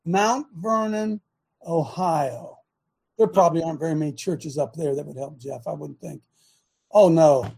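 A middle-aged man hosting a talk show, delivering a sarcastic, impassioned rant in a preaching style, swinging between shouting and muttering. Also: a little high, moderate pace, gravelly, breathy edge. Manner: sarcastic, mocking.

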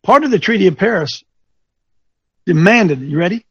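Man, coach type, husky, animated lecturer who quizzes listeners, dull muffled recording. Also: high-pitched, normal speed, pauses often, dry recording. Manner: animated and teasing, quizzes listeners, thinks aloud. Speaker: coach speaking to an audience. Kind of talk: lecturing talk with rhetorical questions.

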